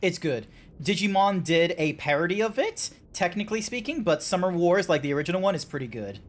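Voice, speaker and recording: A man hosting a game stream, chatting casually in a rambling, animated way with quick restarts. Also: high-pitched. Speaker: streamer and host.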